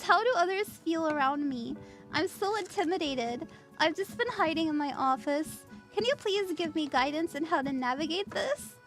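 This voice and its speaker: A woman's voice: high voice, pushed and bright. A woman streaming a casual tarot reading, chatty and giggly as she reads out chat messages.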